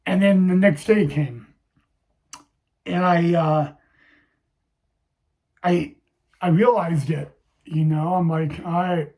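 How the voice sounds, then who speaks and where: A young man telling a personal story to viewers, halting and emotional, with many restarts. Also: on the high side, steady tone, warm tone.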